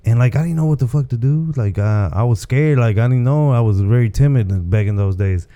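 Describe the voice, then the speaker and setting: A man's voice: mid-range voice, fairly quick, warm tone. A man from Texas, a comedian guest, chatting casually and telling rambling stories, often adding "you know what I'm saying". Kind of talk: casual podcast chat.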